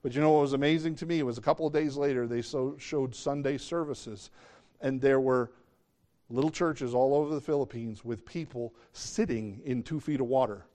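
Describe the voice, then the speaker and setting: A man preaching a sermon as pastor, talking conversationally and jumping into excited, high bursts. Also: normal speed.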